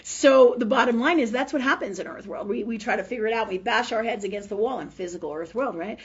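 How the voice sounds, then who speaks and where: This spiritual talk host, a woman in her fifties, is feeling unwell as she livestreams in a casual, blunt, emphatic way, cursing and frequently asking "right?" She speaks at a quick pace in a slightly rough voice on the high side. A webcam or phone mic gives the stream dull, slightly lo-fi audio.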